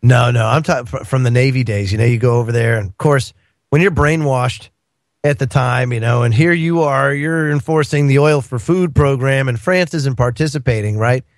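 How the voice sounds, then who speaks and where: A man's voice: mid-range voice, moderate pace, dry recording, clean studio sound. A man appearing as a guest on a radio talk show, chatting casually about politics in a rambling way, with lots of fillers and chuckles.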